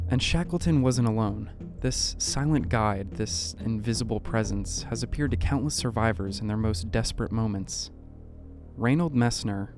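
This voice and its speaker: Man narrating a suspenseful documentary. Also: medium pitch. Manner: measured, suspenseful storytelling. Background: faint background music.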